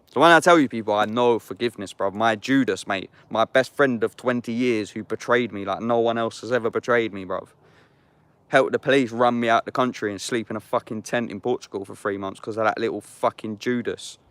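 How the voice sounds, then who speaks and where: Out in the woods, a thirty-ish YouTuber reads scripture and riffs on it in slangy, profane street talk, calling the listener "bruv." His voice sits lowish and moves fairly quickly, with a clean, fairly bright tone and a dry recording.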